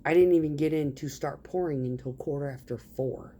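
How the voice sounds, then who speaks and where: A woman with a lowish voice tells a long work story in a casual rant. She swears freely and keeps the talk blunt. She acts out the back-and-forth with coworkers as she goes. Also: fairly quick, mellow, a little hiss or hum. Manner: acts out others' lines in quoted dialogue. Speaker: concrete truck driver.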